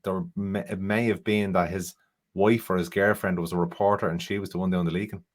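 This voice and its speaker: A man's voice: deep voice, fairly even intonation, brisk. A man co-hosting a football podcast, easygoing and rambling as he gives his opinions. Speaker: podcast co-host. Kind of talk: casual chat.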